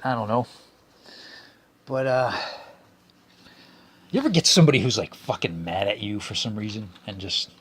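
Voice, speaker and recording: A man with a husky, medium-pitched voice hosts his own podcast alone, ranting casually. He sounds exasperated and joking, with plenty of profanity.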